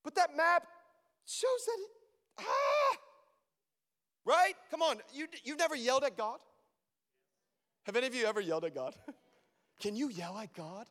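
High-voiced pastor preaching in an echoing church. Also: male voice, moderate pace, pauses often. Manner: animated, acts out prayers to God. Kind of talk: sermon. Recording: long reverb of a church hall.

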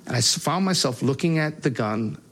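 A man giving a spoken personal testimony, halting and earnest, with many restarts and fillers. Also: mid-range voice, animated, slight background noise. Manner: voice rises sharply when reliving angry moments.

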